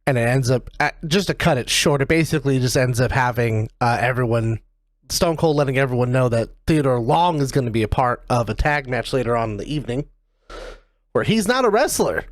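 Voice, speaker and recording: A woman co-hosting a casual wrestling podcast, recapping matches in animated, profane storytelling. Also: a bass voice, a little fast, no echo, studio quality. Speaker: podcast co-host.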